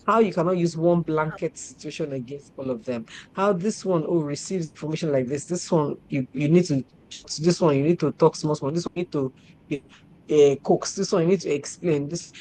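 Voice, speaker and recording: Woman, middle-aged host, lowish voice, animated storytelling, laughs a lot. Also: fairly quick, a little hiss or hum, low-quality recording. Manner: animated, repetitive, laughs often. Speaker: show host. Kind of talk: casual chat, storytelling.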